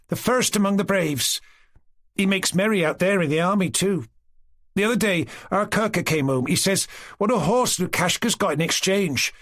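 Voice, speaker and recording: A talkative young Cossack girl, as a man reading puts her on, teases in a bright, high, lilting voice. The tone stays a little husky and close. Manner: eager, teasing, talkative.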